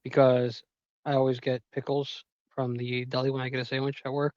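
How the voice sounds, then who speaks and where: A man's voice: medium pitch, little pitch movement, brisk, a little mellow, dry recording, dull audio. A man in his thirties co-hosting a podcast, casual and joking, laughing and swearing as he tells stories. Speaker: podcast co-host. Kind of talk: casual chat.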